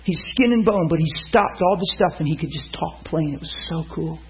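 A preacher with a fairly high voice tells a sermon story. He acts out the people he quotes and sinks into soft, hushed stretches. The recording sounds dull and lo-fi. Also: a little fast, a little hiss or hum.

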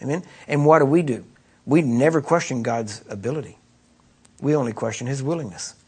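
A man's voice: mid-range voice, fairly quick, darkish tone, slightly rough. A man preaching a sermon in a conversational way, often asking the congregation rhetorical questions. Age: adult with children.

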